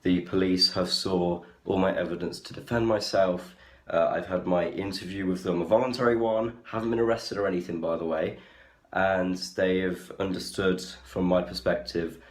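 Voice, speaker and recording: A man with a low voice talks to camera in a room with a lot of echo. He rambles, stops and restarts, and sounds defensive as he goes. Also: steady tone, moderate pace. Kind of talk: casual talking-head video.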